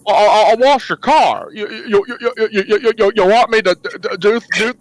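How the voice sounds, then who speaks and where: A man's voice: sits high, animated, moderate pace, no room sound, low-quality recording. A man doing a stammering old-time film star begging for food, stuttering and repeating every word. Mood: desperate. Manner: stuttering, repeating words, pleading. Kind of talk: comedic impression on a podcast.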